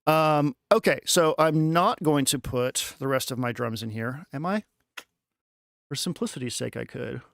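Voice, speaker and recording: A man casually talking through a music production tutorial on a live stream, chatty and thinking out loud with lots of fillers. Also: medium pitch, measured pace, vocal fry, dry recording, studio quality. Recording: music playing underneath.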